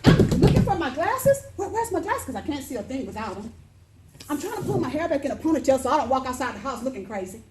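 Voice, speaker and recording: A woman in her fifties telling a personal story as a speech, lively and acting out the voices. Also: fast talker, reverberant, a little hiss or hum, rough recording. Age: 50s. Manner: animated, acts out voices with big pitch jumps.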